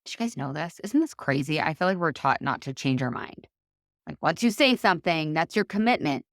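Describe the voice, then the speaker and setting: A woman in her thirties hosting a solo coaching podcast, chatty and animated, acting out the voices in her stories. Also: low voice, fairly quick, dry recording, clean studio sound. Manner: chatty, animated, acts out quoted dialogue. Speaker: podcast host and life coach.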